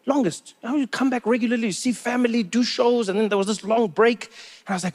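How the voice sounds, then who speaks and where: A man with a South African accent telling stand-up comedy stories in an animated, conversational way. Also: very high-pitched. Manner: animated, conversational, quick punchlines.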